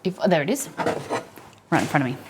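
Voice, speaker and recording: A woman's voice: deep voice, expressive, fast talker, noisy background. A young Australian woman casually chatting with her stream chat as she cooks in her home kitchen, rambling from one thing to the next. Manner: chatty, rambling, talks to chat while cooking. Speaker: streamer cooking on a live stream. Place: home kitchen set up as a studio.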